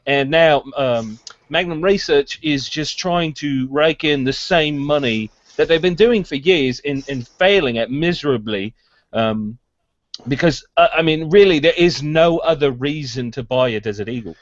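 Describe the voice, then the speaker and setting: A man co-hosts a casual news podcast in a chatty, sarcastic way. His voice sits fairly high. The dry recording sounds dull and lo-fi. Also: a little slow, no echo. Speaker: podcast co-host.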